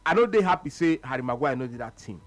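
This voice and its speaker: A man's voice: quick pace, dry recording. A man speaking Nigerian Pidgin English as co-host of a casual sports radio talk show, repeating phrases for emphasis as he argues his point. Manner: animated, repeats phrases for emphasis, swings between low mutters and high exclamations.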